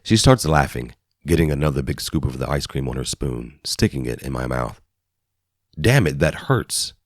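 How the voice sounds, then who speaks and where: Brief: man with an extremely low voice, steady first-person audiobook narration, dry studio read. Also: fairly quick, no room sound.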